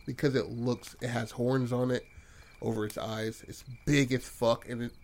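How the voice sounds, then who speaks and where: A man's voice: medium pitch, flat delivery, normal speed, gravelly, a little mellow. A man hosting a podcast who tells an improvised story casually, rambling with lots of swearing and restarts. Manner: rambling and profane, full of fillers and restarts. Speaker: podcast host telling a story.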